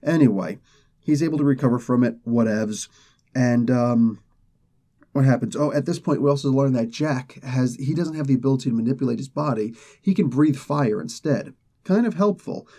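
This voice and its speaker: Guy rambling thru a comic story, mellow darkish voice, acts out bits of dialogue. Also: mid-range voice, moderate pace. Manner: loose, rambling retelling with acted quotes. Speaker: comic book reviewer. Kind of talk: casual comic recap.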